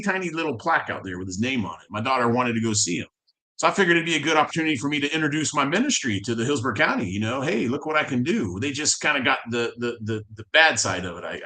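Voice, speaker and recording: A man's voice: medium pitch, sharp tone. A man, a military veteran, telling his story as a guest in a casual interview, impassioned and tumbling over restarts. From Florida.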